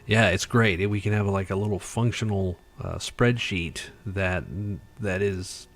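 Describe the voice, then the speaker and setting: A man's voice: low-pitched, steady tone, unhurried, a bit bright. A tired man hosting a casual livestream chat, rambling with lots of fillers. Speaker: livestream host.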